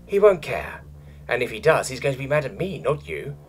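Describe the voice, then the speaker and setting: A sly, stubborn young catlike alien woman, played by a male narrator talks in a teasing, cooing way. Her voice sits far above his own and swings widely in pitch. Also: big pitch swings, fairly quick, soft background music, natural voice. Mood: smug.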